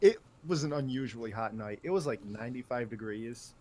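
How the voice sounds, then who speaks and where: A man's voice: mid-range voice, lively intonation, fairly quick, darkish tone. Young man telling a rowdy story. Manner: rambling, profane, often trailing into laughter. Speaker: podcast host. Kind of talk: casual storytelling among friends.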